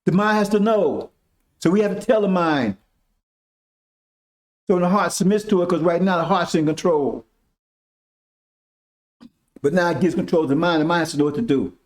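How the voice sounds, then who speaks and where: Man, informal preacher, slightly high voice, emphatic, casual slang, repetitive. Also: moderate pace, long pauses, a little mellow. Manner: emphatic, repetitive, keeps asking "See?". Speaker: religious teacher.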